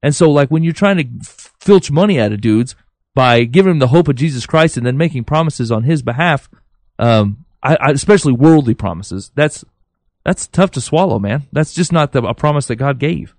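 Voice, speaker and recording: A man's voice: mid-range voice, animated, normal speed, a little mellow, no echo. Earnest man thinking aloud, dry mic. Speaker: podcast co-host. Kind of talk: casual opinion chat.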